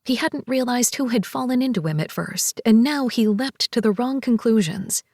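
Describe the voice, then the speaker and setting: Female first-person audiobook narrator, slightly high voice, expressive; dry close studio sound. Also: normal speed, no echo.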